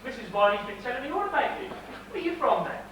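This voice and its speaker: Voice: medium pitch, sing-song, racing, fairly bright tone, a little hiss or hum. An amateur stage actor playing a friendly village station porter who scolds the children in a fatherly way. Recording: echoey hall recorded from far off.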